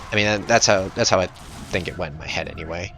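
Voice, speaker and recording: A man's voice: low-pitched, fairly bright tone, slight background noise. A man hosting a gaming channel, giving voice-over commentary on gameplay in a profane, exasperated rant.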